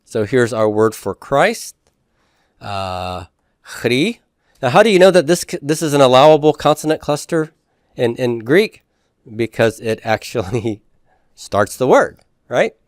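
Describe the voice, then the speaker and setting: Male Greek teacher, mid-pitched voice with a smooth, resonant tone, recorded dry and close; explains patiently and keeps asking "right?" to check understanding. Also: lively intonation, measured pace, no echo. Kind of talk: classroom lecture.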